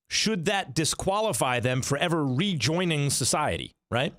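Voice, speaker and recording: Middle-aged male sports radio host, opinionated, animated pitch, dry studio sound. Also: brisk, hardly any pauses, no echo. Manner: argumentative, rhetorical questions, animated delivery.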